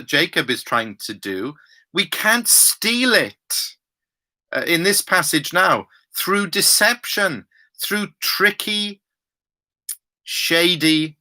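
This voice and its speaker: A man preaching and introducing a Bible reading, stressing phrases slowly with some fillers. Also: a little high, sharp tone. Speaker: pastor.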